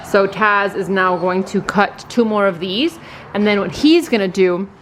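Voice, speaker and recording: A woman's voice: mid-range voice, unhurried. A young woman chatting casually in a home DIY vlog, bubbly and gushing, with giggles in her talk. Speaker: vlogger. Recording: noisy home video sound.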